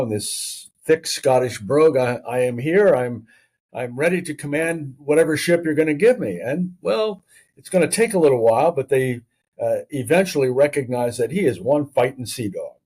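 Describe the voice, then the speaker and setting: A man, an author guest, telling history in a measured, storytelling way, pausing often on fillers. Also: mid-range voice, darkish tone. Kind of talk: conversational history interview.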